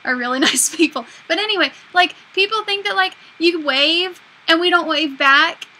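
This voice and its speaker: A young woman with a high, bright voice chats casually and giggles. She fills her talk with "like", and a faint hiss runs underneath. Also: normal speed, poor audio. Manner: giggly, filler-heavy, lots of "like". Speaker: video co-host. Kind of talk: casual chat.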